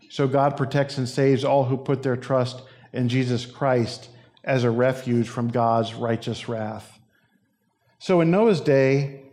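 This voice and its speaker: A man preaching in a relaxed, conversational tone, at a mid pitch. He explains things plainly, sometimes restarting his sentences and dropping in fillers. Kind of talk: sermon.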